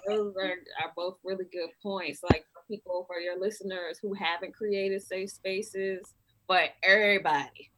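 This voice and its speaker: Casting: encouraging host, mid pitch, bright forward tone. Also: steady tone, moderate pace, low-quality recording. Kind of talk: casual chat.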